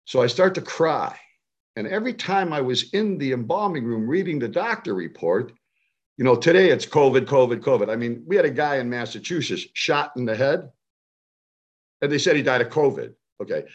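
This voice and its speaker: A man's voice: animated, normal speed, highs cut off. A man in his seventies, from the Cleveland area, telling a personal story with passion and emphasis. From Cleveland area, United States. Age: 70s. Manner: emphatic, rising to a high pitch when stirred. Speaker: speaker on health and nutrition. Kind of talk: impassioned storytelling.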